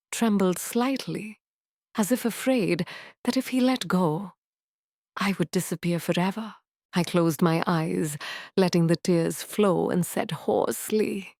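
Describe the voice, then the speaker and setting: Slow, gravelly woman telling a sad story. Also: lowish voice, darkish tone, no echo, clean studio sound. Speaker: narrator. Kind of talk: first-person dramatic story narration.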